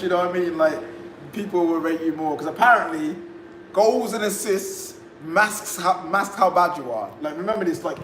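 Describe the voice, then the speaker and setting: A man with a London accent co-hosting a football chat, with a high voice. He talks in loose street slang and often stumbles over his words. He sounds like he is in an echoey room with faint hiss. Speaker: co-host. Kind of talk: casual chat.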